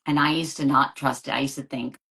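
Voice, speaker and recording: A middle-aged woman speaking as an interview guest in a relaxed, conversational way. She is earnest and keeps repeating her main points to stress them. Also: extremely low pitch, fairly quick, slightly rough.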